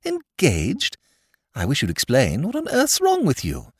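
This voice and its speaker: A man voicing a brash, mocking young English gentleman in an audiobook reading, theatrical and quick-tongued. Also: on the high side, wildly swooping pitch, breathy edge, no room sound, studio quality, pitched above the performer's own voice, full character voice. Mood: indignant.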